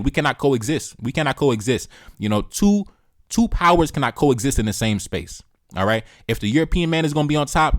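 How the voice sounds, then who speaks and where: A man's voice: mid-range voice, no room sound. A man hosting a reaction video, giving heated political commentary in a blunt, profane way and repeating his key points, close to the mic.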